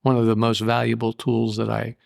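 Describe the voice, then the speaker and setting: A man's voice: mid-range voice, monotone, a little fast, vocal fry, darkish tone. An older man in a candid interview about his recovery, blunt and profane, telling stories plainly. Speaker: guest.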